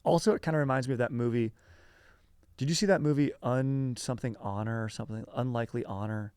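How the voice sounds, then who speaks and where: A man's voice: mid-range voice, fast, darkish tone, smooth, dry recording, clean studio sound. A man hosting a podcast, telling a history story in a rambling, slangy, casual way full of fillers. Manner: rambling, filler-heavy, slangy, says dude and bro.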